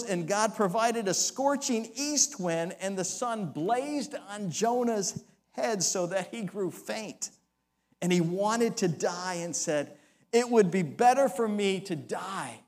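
A man's voice: sits high, expressive, takes it slowly. A male pastor preaching a sermon, acting out scripture voices with dramatic shifts. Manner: dramatic, acts out quoted voices.

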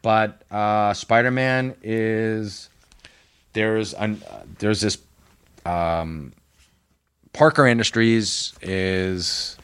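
A man's voice: lowish voice, fairly even intonation, very slow, a bit bright, clean tone, dry recording. A man hosting a casual comic book chat in a store. He rambles enthusiastically, with lots of fillers. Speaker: podcast host.

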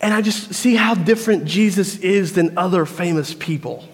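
A man's voice: sits high, normal speed. A man preaching a sermon, telling a story and acting out crowd voices. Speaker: pastor. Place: church. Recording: long reverb of a church hall.

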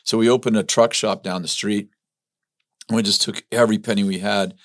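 A man's voice: moderate pace, no room sound, studio quality. A man in his sixties, a business owner, telling a family story in casual conversation and acting out the voices of others. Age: 60s. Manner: animated storyteller, acts out voices in a high pitch.

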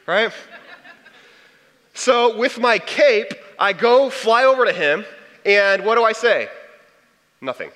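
A young man in his twenties telling a personal story to an audience in a lively, conversational way. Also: sits high, moderate pace, pauses often. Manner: animated, conversational storytelling with acted quotes. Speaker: speaker sharing testimony. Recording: long hall reverb.

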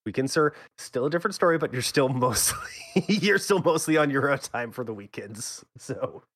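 A man chatting with friends on a gaming podcast. His voice is mid-pitched, and his delivery is dry and teasing, with casual swearing. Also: lively intonation, normal speed, a bit bright. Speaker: podcast co-host.

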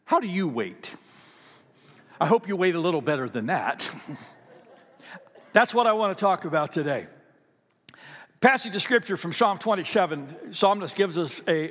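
A male pastor preaching a sermon in an animated, conversational way, asking the congregation questions. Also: high-pitched, big-room sound. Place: church.

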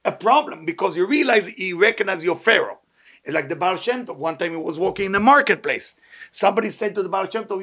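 A man with a non-native English accent teaching a Torah lesson as a rabbi. He talks with fervour, asks rhetorical questions, and recites Hebrew quotations quickly. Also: high voice, creaky, fairly bright tone.

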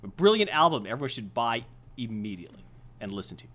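A man's voice: medium pitch, big pitch swings, fast talker, fairly bright tone. A man co-hosting a live-streamed comics and anime show, joking around and telling gags. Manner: jokey, puts on silly voices. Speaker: podcast co-host. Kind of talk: casual comic chat.

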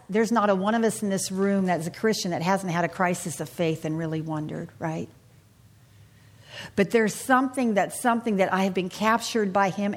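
Earnest woman teaching a Bible class. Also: medium pitch. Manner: earnest and confiding, asks the room questions. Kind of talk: informal Bible teaching to a group.

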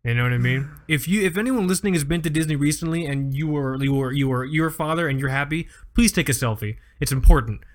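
A man's voice: a little high, fast talker, hardly any pauses. A man in his thirties co-hosting a podcast, telling exaggerated, profane stories in a casual comedic chat. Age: 30s. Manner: animated storytelling, profane, exaggerated. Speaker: podcast co-host.

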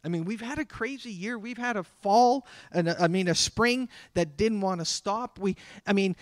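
Man, pastor, sermon, high voice, conversational with dramatic pauses, dry sound. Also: no echo. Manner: conversational preaching with dramatic pauses and acted quotes.

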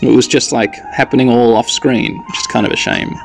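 A man hosting a sleep podcast, narrating a video game in a rambling, relaxed way from the side entrance of a half-built house. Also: medium pitch, a little fast, creaky, soft background music. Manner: rambling, relaxed, self-correcting. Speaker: podcast host narrating gameplay.

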